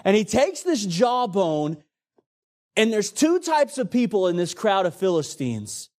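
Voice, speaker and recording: A man preaching a sermon, retelling a scripture story with animated, dramatic storytelling. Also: high-pitched, unhurried.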